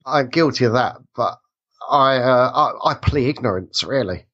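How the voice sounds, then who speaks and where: A man's voice: mid-range voice, animated, normal speed, a bit bright, dull audio. A man with an English accent, a podcast guest joking his way through a mock trial, self-deprecating and hesitant with restarts. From England. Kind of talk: casual mock-trial banter.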